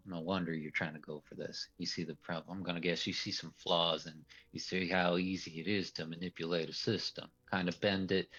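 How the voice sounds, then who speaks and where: A man's voice: sits low, a bit bright, lo-fi sound. A man running a tabletop role-play as game master, talking in a loose, rambling way and laughing often.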